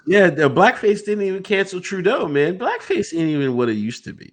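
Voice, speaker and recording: A man co-hosting a casual podcast, reading viewer messages and joking in an animated way with lots of laughter. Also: sits high, fairly quick.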